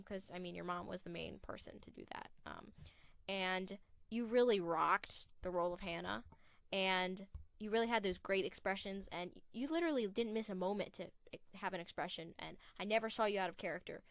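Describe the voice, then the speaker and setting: A woman speaks to her fellow cast members in a casual, heartfelt way. She rambles and restarts often, and her voice sits at an ordinary pitch. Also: vocal fry, fairly bright tone, no echo. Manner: halting, rambling with many fillers. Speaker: theater cast member giving shoutouts.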